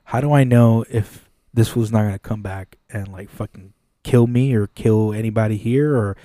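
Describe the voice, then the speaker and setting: A man with a mellow, warm voice tells a long story in a relaxed podcast chat. He swears freely and acts out what other people said. The sound is dry and close. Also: on the low side, normal speed, no room sound. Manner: animated, swears often, acts out quoted dialogue. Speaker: podcast co-host. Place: podcast studio.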